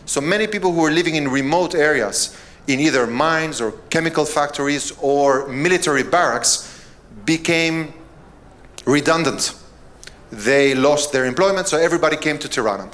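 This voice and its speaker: A middle-aged man from Albania, a mayor giving a conference keynote, telling jokes and stories in a relaxed, self-deprecating way. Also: on the high side, normal speed. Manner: joking, storytelling, self-deprecating.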